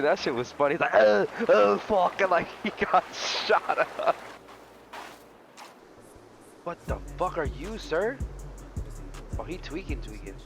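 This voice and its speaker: Young male game streamer, easily startled, swinging from low mutters to high yelps; music plays underneath. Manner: jumpy, shrieks in fright then mutters. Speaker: gaming video host. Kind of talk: profane let's-play commentary. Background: background music.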